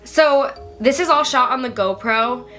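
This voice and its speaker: A woman's voice: high-pitched, measured pace, fairly bright tone, soft background music. A young woman chatting candidly as she reacts to scenes from her own show. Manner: candid, chatty, self-critical. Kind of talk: casual vlog commentary.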